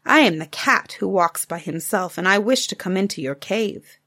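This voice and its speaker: A woman's voice: mid-range voice, expressive, moderate pace, pushed and bright. A woman doing a proud wily fable cat. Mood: haughty. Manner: haughty, then pleading.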